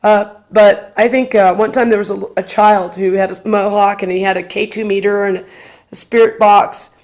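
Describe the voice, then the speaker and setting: A woman's voice: mid-range voice, moderate pace. A woman working as a ghost tour guide, telling stories in an interview, acting out the voices she quotes and laughing often. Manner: animated, acts out quoted voices. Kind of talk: interview storytelling.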